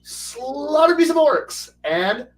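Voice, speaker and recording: A man's voice: very high-pitched, very animated, slow pace, distant mic, pitched above the performer's own voice, heavily acted, rough recording. A man voicing a bloodthirsty, eager novice player who blurts out gleeful, stretched exclamations.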